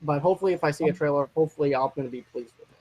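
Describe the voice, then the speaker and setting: Rambling man, slightly high voice. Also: very fast, a little mellow, lo-fi sound. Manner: rambling, restarts and trails off mid-thought. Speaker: co-host of a movie discussion channel. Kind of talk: casual movie chat.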